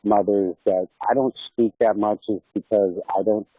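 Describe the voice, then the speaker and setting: Man caller, husky and low, hesitant with lots of fillers, dull muffled audio. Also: steady tone, normal speed, no echo. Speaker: caller on a group call. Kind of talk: casual chat. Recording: dry, muffled online call audio.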